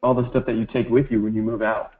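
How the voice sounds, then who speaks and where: A man's voice: mid-range voice, level tone, quick pace, phone-quality sound. A man answering as a student in a casual tutoring session, laid-back and hesitant, feeling his way through answers. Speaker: exam student.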